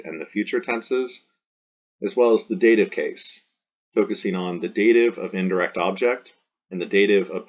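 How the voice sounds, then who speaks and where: A man's voice: deep voice, slightly rough, lo-fi sound. A man teaching a recorded video lesson on Latin grammar, explaining each point patiently, step by step, with small restarts.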